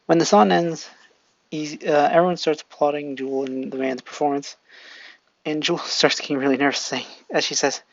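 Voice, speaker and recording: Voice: mid-range voice, steady tone, fairly quick, dull audio. A storyteller reading a fan story aloud casually, rambling and stopping to fix slips.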